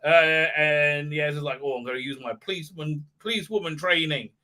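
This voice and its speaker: A man's voice: fairly high pitch, brisk, bright, forceful tone. A man recapping a show on a live stream, mocking it and acting out the characters in silly voices, with many fillers.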